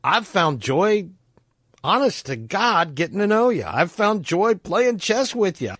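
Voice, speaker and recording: A man's voice: sits high, very animated, unhurried, a bit bright, no echo. A man speaking in character as a player, earnest and heartfelt. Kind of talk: in-character role-play.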